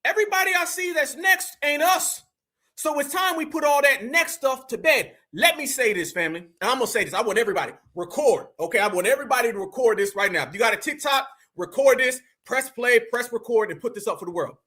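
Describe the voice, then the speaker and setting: Fiery high-voiced male commentator. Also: expressive, fast talker, sharp tone. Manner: fiery, emphatic, repetitive, addresses listeners as family. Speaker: political commentator. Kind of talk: impassioned political commentary monologue.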